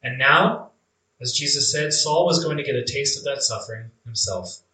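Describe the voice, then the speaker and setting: A man's voice: mid-range voice, bright, forceful tone, lightly acted. A man playing a devout early believer who is imprisoned, beaten and blinded, telling his story in an earnest, reflective dramatic monologue. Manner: earnest, reflective, with drawn-out emphatic phrases. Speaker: actor in a first-person monologue. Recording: echoey room, mic at a distance.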